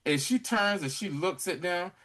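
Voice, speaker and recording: A man's voice: high-pitched, moderate pace. A man co-hosting a casual podcast, retelling an episode with lots of laughter and acted-out lines. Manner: animated storytelling, acting out characters' lines; laughs often while talking. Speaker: podcast co-host. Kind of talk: casual recap chat.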